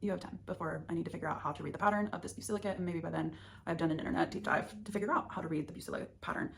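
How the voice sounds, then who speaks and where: A woman's voice: fairly low pitch, steady tone, racing, vocal fry, slight background noise. A young woman hosting a stitching vlog, chatting casually and thinking aloud as she shows her purchases. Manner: chatty, rambling, thinks aloud with many ums. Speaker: flosstube host. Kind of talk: casual chat showing stitching haul.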